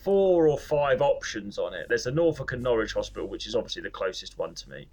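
A man's voice: medium pitch, very animated, fast talker, a little mellow. A man, a comedian, grumbling and telling anecdotes in casual podcast chat, swearing freely.

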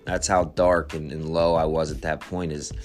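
A man with a deep, low voice shares a personal testimony. He speaks quietly and haltingly, stumbling over repeated words and restarting sentences as he searches for what to say. Faint music plays softly behind him. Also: flat delivery. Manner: quiet, reflective storytelling.

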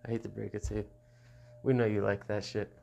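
A middle-aged man holds forth on his own show in a loose, profane monologue. His voice sits low and gravelly, with a rough fry at the ends of phrases. He rambles bluntly and laughs between remarks. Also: little pitch movement, a little fast, warm tone. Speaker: show host.

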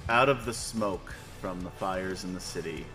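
Low-voiced man as game master. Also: moderate pace, over music. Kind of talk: narrating a tabletop game.

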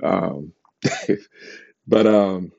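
A man hosts his own podcast and tells stories in a loose, animated, self-dramatizing way, often breaking into laughter. His voice sits low and carries a gravelly, mellow tone. The recording sounds dull and lo-fi. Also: very slow. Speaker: podcast host. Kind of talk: casual storytelling monologue.

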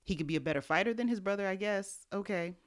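A woman's voice: medium pitch, fast talker. A woman co-hosting a podcast, casually retelling a Bible story and acting out the characters' lines in everyday slang. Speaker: podcast co-host.

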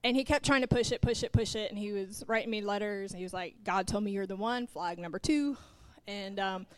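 Here the pastor's wife sounds brisk, with a clean tone and medium pitch. Preaching from the pulpit, the middle-aged woman tells of her own experience, voices the dialogue, and turns straight to the congregation.

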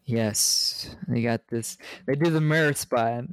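An American man co-hosts a casual movie podcast, rambling through a plot recap with jokes and frequent laughter. His mid-range voice is slow, clear, and resonant, recorded dry.

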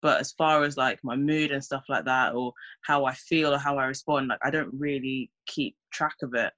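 A woman's voice: very deep voice, steady tone, moderate pace, a bit bright. A young woman, chatting casually and acting out her own reactions. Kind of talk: casual chat.

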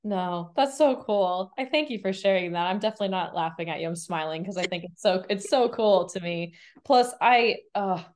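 A woman's voice: medium pitch, moderate pace, few pauses, a little mellow. A young adult woman hosting an interview podcast, chatting enthusiastically with many fillers. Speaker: podcast host, police officer. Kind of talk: casual interview chat.

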